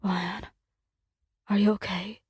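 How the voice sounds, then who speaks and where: A woman voicing a gruff but tender injured young man in a soft, hushed whispered role-play. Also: medium pitch, flat delivery, slow pace, no room sound, clean studio sound, pitched below the performer's own voice. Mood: strained, tender.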